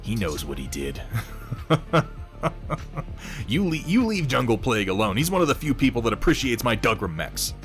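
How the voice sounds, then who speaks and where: A man's voice: mid-range voice, sing-song, moderate pace, long pauses, faint music behind. A man chatting casually on a live stream while painting miniatures, rambling, reading viewers' messages aloud and swearing offhandedly.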